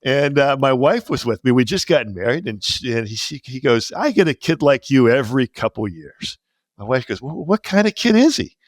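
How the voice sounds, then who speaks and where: A man's voice: medium pitch, moderate pace, no room sound. Businessman guest from West Virginia, middle-aged, rambling storyteller, dry sound. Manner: animated anecdote teller, many fillers. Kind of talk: storytelling in interview.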